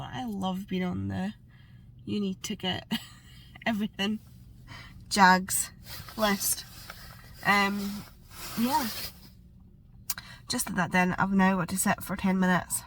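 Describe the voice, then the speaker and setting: A woman talks in a loose, rambling way, full of fillers and restarts. Her voice is going and she sounds stuffed up. She chats casually to her viewers at a middling pitch. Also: a bit bright, slight background noise. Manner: rambling, chatty, with many fillers. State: losing her voice, congested. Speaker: book vlogger. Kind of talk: casual chat. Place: parked car, then at home.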